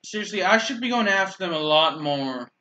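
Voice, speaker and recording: A man with a bright, forceful voice pitched a little high talks through a video game match in loose, unscripted commentary. He rambles and restarts his sentences, and drops dry sarcastic asides about his teammates. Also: animated, a little fast, dull audio. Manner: rambling, self-correcting, dryly sarcastic. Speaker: gaming channel host. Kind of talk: casual gameplay commentary.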